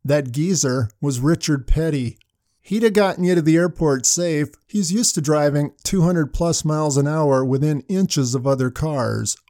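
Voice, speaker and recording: An older man preaches a sermon, leading in with story after story. His voice sits a little high yet sounds mellow and dark. The sound is dry and close. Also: moderate pace, no room sound. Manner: storytelling with anecdotes. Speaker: pastor.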